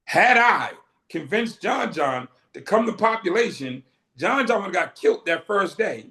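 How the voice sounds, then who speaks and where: In a recording with roomy echo, a middle-aged man from Boston recounts his story as an interview guest, performing the lines he quotes like a lively storyteller. He speaks unhurriedly in a high, pushed, bright voice with big pitch swings.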